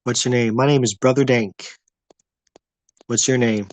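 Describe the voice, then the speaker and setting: A man's voice: medium pitch, steady tone, a little slow. A man hosting a casual livestream, chatting with viewers in a rambling, laid-back way. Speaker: livestream host.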